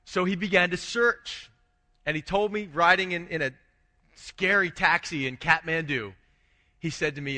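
Bright-voiced man preaching a sermon. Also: on the high side, moderate pace, in a large hall. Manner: conversational preaching, frequent restarts, rhetorical questions. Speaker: pastor.

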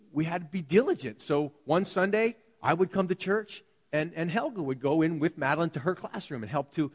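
A man preaching a sermon to his congregation, telling stories in an animated way and acting out the voices of the people in them. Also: fairly high pitch. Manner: animated storytelling, acts out quoted voices. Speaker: pastor. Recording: long hall reverb.

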